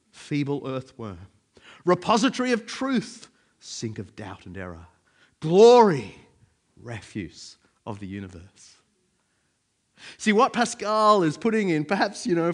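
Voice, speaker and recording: A man preaching a sermon in a conversational way, with frequent fillers. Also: fairly high pitch.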